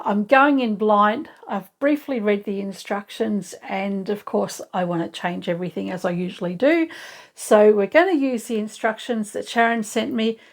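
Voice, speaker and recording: A woman hosting a sewing tutorial, chatty and thinking aloud step by step as she works. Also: fairly high pitch. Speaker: sewing channel host.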